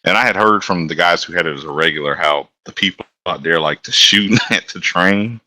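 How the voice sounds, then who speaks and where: A very deep-voiced man tells easygoing stories as a podcast guest. His tone is bright and forceful despite the low pitch. He laughs often and acts out the voices of the people in his stories. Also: a little fast, dry recording. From Alabama. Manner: laid-back storyteller, laughs often, acts out quotes. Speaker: guest, locomotive engineer. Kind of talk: casual storytelling on a podcast.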